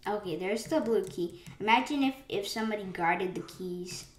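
A woman commenting live on her gameplay, excitable, with sudden gasps and rambling restarts. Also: mid-range voice, normal speed. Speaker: gaming channel host. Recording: roomy echo with faint keyboard clicks.

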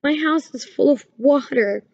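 Woman doing tiny little mole voice, high and timid, a bit pleading, dull sound. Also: lively intonation, moderate pace, mellow, dry recording. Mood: sad. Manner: small, pleading. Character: small, timid young male mole.

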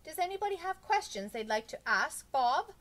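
Woman reader playing a bright, brisk teacher; storybook, lively, instructive. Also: high voice, voice pushed up. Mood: teacherly. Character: brisk female schoolteacher, correcting. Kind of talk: storybook read-aloud.

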